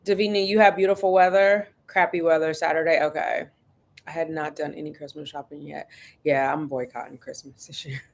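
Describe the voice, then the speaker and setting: Brief: relaxed woman on a home livestream, slightly low pitch, chatty and easygoing, laughs easily. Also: fairly quick. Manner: chatty and laid-back, laughs often, greets viewers by name. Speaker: vlogger hosting a livestream. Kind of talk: casual livestream chat greeting viewers.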